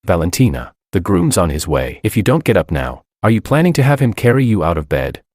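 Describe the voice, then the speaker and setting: A man's voice: deep voice, big pitch swings, fairly quick, a little mellow, no echo, studio quality. A man reading a teasing young bridesmaid. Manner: playful teasing.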